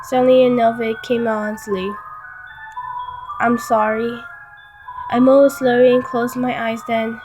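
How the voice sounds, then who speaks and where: A woman with a somewhat high voice reads a dark story aloud in first person. Her delivery is dramatic but halting, and she often trips over a word and starts it again. Soft music plays quietly behind her. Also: flat delivery, rough recording. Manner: halting, stumbles and restarts words. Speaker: story reader.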